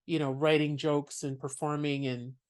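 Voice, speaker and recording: A podcast host telling stories in casual chat, chatty and quick to laugh. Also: mid-range voice, little pitch movement, clear, resonant tone. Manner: chatty, storytelling, laughs often.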